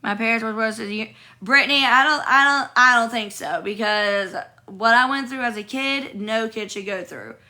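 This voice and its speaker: A young woman with a hoarse voice, bluntly venting on a casual livestream, rambling and swearing as she answers viewer comments. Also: fairly high pitch, normal speed, few pauses, bright, forceful tone. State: hoarse from illness. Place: hotel room.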